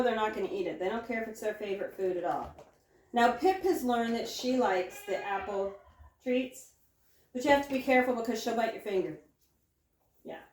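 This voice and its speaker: Chatty woman in a roomy barn. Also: darkish tone. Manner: chatty, switches into high sing-song coaxing when talking to her animals. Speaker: homesteader milking her goats. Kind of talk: casual chat while doing farm chores. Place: indoor barn or milking shed with chickens. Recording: roomy barn, distant mic, faint clucking. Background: chickens clucking.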